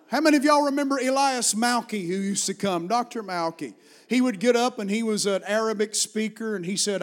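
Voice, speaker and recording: High-voiced Appalachian preacher. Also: male voice, brisk, a faint crowd. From Virginia, Appalachian Mountains. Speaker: pastor. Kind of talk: Pentecostal sermon.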